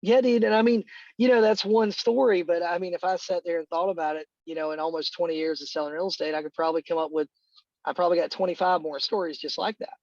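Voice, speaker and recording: A man's voice: sits high, fairly even intonation, fast, a little mellow, no echo, muffled recording. A middle-aged man, a real estate agent, telling a story in casual talk on a call, rambling and full of fillers like "dude" and "man".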